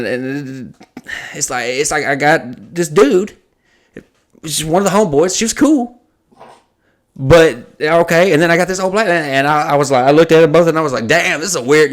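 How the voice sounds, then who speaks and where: Profane male comedian telling a story. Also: on the high side. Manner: profane, animated anecdote-telling. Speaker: comedian and podcast host. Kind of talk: casual storytelling chat.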